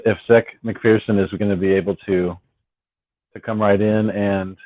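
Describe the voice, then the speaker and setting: Low-voiced man on a tinny, dry line. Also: dry recording. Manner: rambling, repeats words often. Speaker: host of a fan live stream. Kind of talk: casual late-night live stream chat. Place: at home on the West Coast. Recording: dry, tinny phone-like sound.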